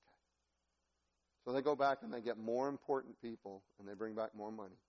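A man preaching a sermon as pastor, telling a story in an animated, folksy way with laughter. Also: mid-range voice, a little fast, lo-fi sound.

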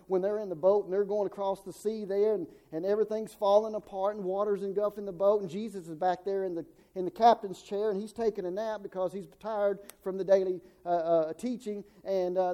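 A man's voice: sits high, dark tone. A middle-aged man preaching a sermon in a folksy way, stumbling over repeated words and acting out the people he quotes.

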